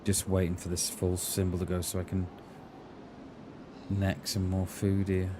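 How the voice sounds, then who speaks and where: This game streamer has a low-pitched, monotone voice and an unhurried delivery. He chats casually over the game noise, rambling, hesitating, and repeating himself often.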